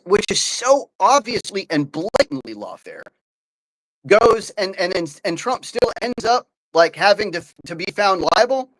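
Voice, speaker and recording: Animated opinionated male podcast host. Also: on the high side, low-quality recording. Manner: animated, opinionated, many fillers and restarts. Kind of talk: casual political talk.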